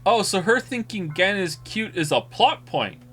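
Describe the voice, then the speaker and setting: A man's voice: sits high, very animated, unhurried, fairly bright tone. A man streaming a video game, giving casual, wry, reactive commentary.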